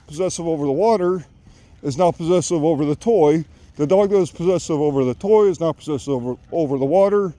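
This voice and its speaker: Winded man, rambling dog-trainer talk, mellow and a bit high-pitched. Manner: rambling, repeats and restarts words. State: out of breath. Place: outdoors walking a dog.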